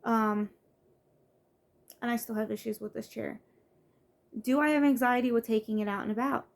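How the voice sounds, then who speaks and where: A woman's voice: fairly high pitch, moderate pace, creaky. A young woman from the United States venting in a casual vlog, frustrated, with many fillers and restarts. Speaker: vlogger. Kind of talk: casual vlog rant to camera.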